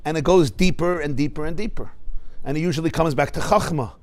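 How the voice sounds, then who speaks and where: Male rabbi teaching a class, slightly high-pitched, explanatory tone. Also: a little fast. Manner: explanatory, lively teaching with Hebrew terms and questions to listeners. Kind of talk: Torah lecture.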